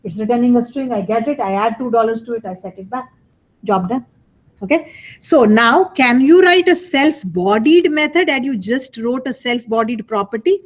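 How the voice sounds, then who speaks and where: A woman's voice: fairly high pitch, animated, moderate pace. A woman teaching a college programming class in a live lecture, talking casually, repeating herself and asking the class rhetorical questions. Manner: conversational, repeats phrases, asks rhetorical questions.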